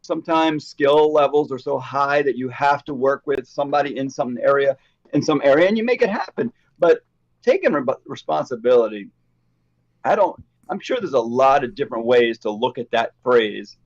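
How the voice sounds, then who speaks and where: A man co-hosting a casual podcast chat, telling stories and acting out the quoted dialogue with lively energy. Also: mid-range voice, normal speed, dull audio. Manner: animated storyteller, acts out quoted dialogue. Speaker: podcast co-host.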